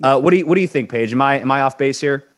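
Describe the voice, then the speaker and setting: A man's voice: medium pitch, very fast. Blunt, emphatic male show host. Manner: emphatic, blunt, repeats words when worked up. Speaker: entertainment news host. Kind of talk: opinionated co-host chat.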